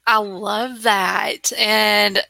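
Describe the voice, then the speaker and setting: A woman hosting a chat and reflecting in an unhurried way. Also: mid-range voice, little pitch movement, vocal fry, sharp tone, no echo. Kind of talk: conversational chat.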